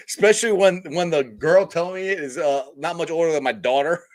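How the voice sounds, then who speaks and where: A man's voice: fairly high pitch, brisk. A middle-aged man, co-hosting a casual sports podcast, rambling with lots of laughter and restarts. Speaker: podcast co-host.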